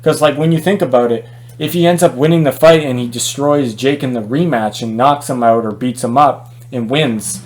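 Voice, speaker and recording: A man talks through a boxing feud in a relaxed commentary vlog. His voice is mid-pitched and ordinary. He is opinionated and conversational, full of fillers, hesitations and restarted sentences. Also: moderate pace.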